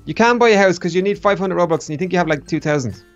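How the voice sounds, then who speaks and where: A man chatting casually as co-player in a let's-play, quickly guiding the other player. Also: high voice, lo-fi sound, faint music behind.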